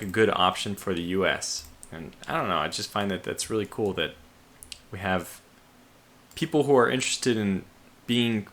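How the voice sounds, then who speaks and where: A man with a lowish but bright, forceful voice talks through a strategy game at his desk. He thinks aloud, restarts his sentences and sounds a little sleepy, stifling yawns. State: sleepy, yawning. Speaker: let's play host. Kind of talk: casual game commentary.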